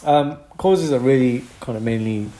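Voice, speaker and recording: A man's voice: medium pitch, moderate pace, dark tone. A man co-hosting a casual podcast, explaining medical conditions and chuckling between points.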